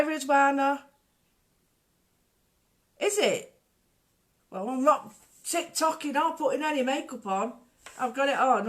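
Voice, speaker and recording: A woman's voice: fairly high pitch, a bit bright. A woman hosting a casual home livestream, rambling chattily and greeting viewers by name. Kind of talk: casual live chat.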